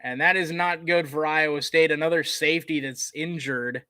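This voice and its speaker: Bright-voiced casual male play-by-play caller. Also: fairly high pitch, normal speed, dry recording, studio quality. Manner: conversational, fillers, gets excited on big plays. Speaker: live game commentator.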